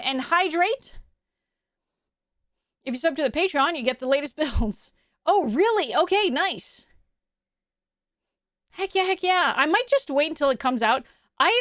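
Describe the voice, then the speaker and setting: Bubbly high-voiced woman streamer. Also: fairly bright tone, no echo, clean studio sound. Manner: bubbly, chatty, answers chat aloud. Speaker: VTuber streamer. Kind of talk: casual live-stream chat.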